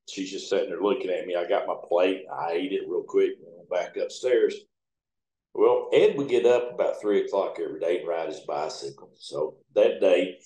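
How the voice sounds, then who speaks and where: A middle-aged man with a low, deep voice, telling rambling, salty stories as a towboat captain. His speech is folksy and loose, with a roomy echo around it. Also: darkish tone. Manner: folksy, rambling, profane storytelling. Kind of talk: oral history interview storytelling.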